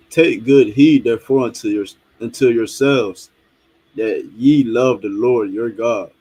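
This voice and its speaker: A man reading scripture aloud slowly and deliberately for a teacher. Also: medium pitch, dark tone, husky, low-quality recording. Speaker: scripture reader.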